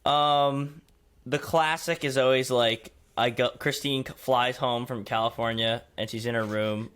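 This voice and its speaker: A man's voice: medium pitch, fairly even intonation, a little slow, a bit bright, clean tone. A man who is a guest on a podcast, telling playful teasing stories about his sister in casual chat. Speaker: guest, a host's brother.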